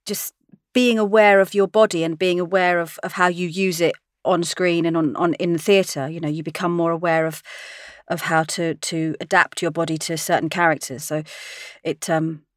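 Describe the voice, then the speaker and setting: A woman's voice: lowish voice, level tone, normal speed, dry recording, studio quality. A woman, an actress, chatting in an interview, laughing often as she tells stories. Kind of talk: casual interview chat.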